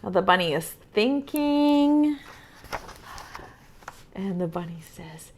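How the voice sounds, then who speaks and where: A woman teaching preschool over a video call, reading a picture book aloud in a gentle, playful way and asking the children questions. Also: medium pitch, animated, slow pace, long pauses, slight background noise.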